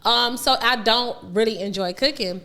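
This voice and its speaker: A woman's voice: on the high side, normal speed, bright, forceful tone. A woman in her thirties hosting a podcast, chatting candidly and swearing freely. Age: 30s. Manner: candid, profane, rambling. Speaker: podcast host. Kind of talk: casual chat.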